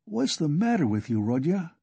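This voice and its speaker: A man's voice: fairly high pitch, big pitch swings, moderate pace, vocal fry, warm tone, husky, no room sound, voice pushed up, full character voice. A man reading a drunk, rambling young man. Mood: anxious. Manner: rambling and eager. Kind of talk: audiobook character reading.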